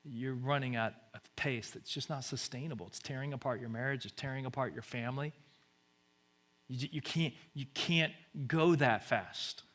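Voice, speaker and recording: A man preaching a sermon as pastor moves at normal speed, booming scripture and then dropping into soft, hushed appeals. He often repeats words as he presses a point.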